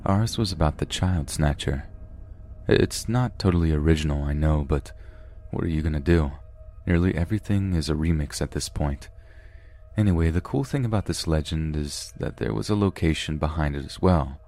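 A man calmly narrating true scary stories as a podcast host. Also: a bass voice, normal speed. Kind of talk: scripted horror story narration.

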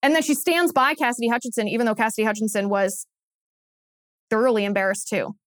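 A woman with a fairly high voice hosts her own political commentary show, scornful and mocking as she drives each point home with repetition. The sound is close and dry, with no room around it. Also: fairly even intonation, quick pace, no room sound. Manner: emphatic, repeats phrases for effect. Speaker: podcast host.

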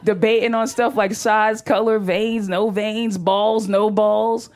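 A woman's voice: medium pitch, level tone, takes it slowly, a little mellow, a little hiss or hum. Brash, foul-mouthed woman stand-up comic. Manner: brash, profane, conversational punchlines. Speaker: stand-up comedian. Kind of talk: stand-up comedy set.

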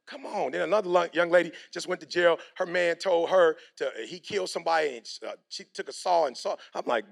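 A man's voice: a little high, brisk, creaky, hardly any pauses. A middle-aged man giving a motivational speech in a preachy, slangy way, acting out the people he quotes. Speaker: motivational speaker.

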